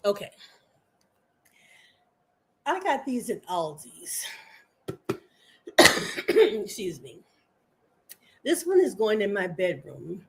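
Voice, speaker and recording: Slow-talking older woman hosting a craft stream. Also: mid-range voice, huge pitch swings, creaky, fairly bright tone, slight background noise. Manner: rambling, homey, talks to viewers and her pet. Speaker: live stream host. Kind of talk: chatty live crafting stream.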